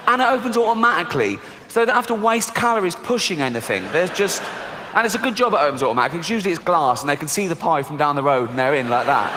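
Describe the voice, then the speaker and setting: A man's voice: sits high, expressive, brisk, sharp tone. A middle-aged man from Britain performing a mocking, sardonic stand-up routine on a theater stage, swearing freely. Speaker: stand-up comedian. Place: theater stage before a laughing audience. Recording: long hall reverb, faint noise.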